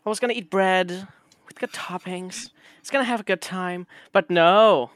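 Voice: medium pitch, normal speed, a bit bright, no room sound. A podcast co-host in casual chat, bantering in a teasing, mock-indignant way.

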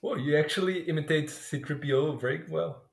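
A man's voice: a little high, brisk, gravelly. A man co-hosting a podcast in casual chat, laid-back and swearing freely. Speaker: podcast co-host. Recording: echoey room.

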